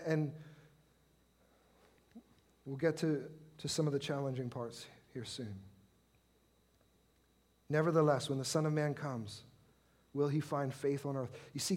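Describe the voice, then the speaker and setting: A middle-aged man preaching a sermon, impassioned, swelling to loud pleading when he acts out prayers. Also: on the high side.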